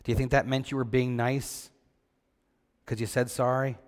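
A man's voice: medium pitch, level tone. Man giving a children's sermon in a reverberant hall. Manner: asks the children questions and answers them himself; slow and deliberate on key points. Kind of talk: scripture reading and children's sermon.

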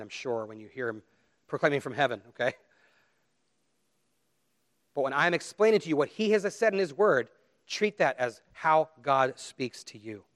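Earnest preaching man, fairly high voice. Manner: earnest, pleading, with wide swings in loudness. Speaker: pastor. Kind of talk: sermon.

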